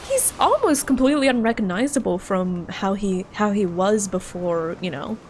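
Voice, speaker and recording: A woman's voice: mid-range voice, very animated, moderate pace, a little mellow, a little hiss or hum, low-quality recording. Giggly young woman streamer. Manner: giggly, rambling, lots of "like". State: sleepy, yawning. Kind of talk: casual gaming commentary.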